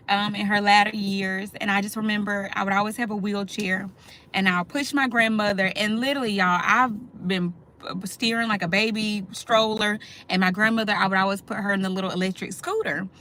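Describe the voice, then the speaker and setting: A middle-aged woman hosts a relaxed talk and speaks straight to her listeners, calling them "y'all". Her voice is bright and forward at a middle pitch. A faint hiss of noise sits under it. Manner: heartfelt, addresses listeners as y'all. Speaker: host. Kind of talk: casual talk to the audience.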